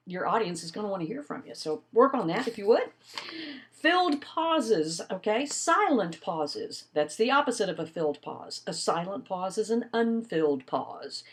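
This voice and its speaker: An older woman lectures in a recorded class. Her voice sits fairly low, and her delivery is demonstrative and expressive, with lively emphasis. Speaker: college instructor.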